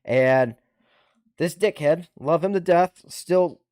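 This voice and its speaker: A man's voice: on the high side, takes it slowly, a little mellow, dry recording, clean studio sound. A man hosting a livestream, telling a casual profane story and ranting animatedly, recorded on a desktop USB mic at home. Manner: swears constantly, restarts, rants animatedly. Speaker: livestream host and army veteran. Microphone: desktop USB microphone.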